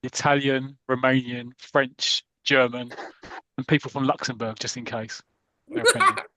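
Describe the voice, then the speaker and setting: A man's voice: mid-range voice, wildly swooping pitch, a little slow, bright, forceful tone, no echo, low-quality recording. A man co-hosting a podcast, chipping in with playful jokes in casual chat. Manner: joking, playful interjections. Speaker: podcast co-host.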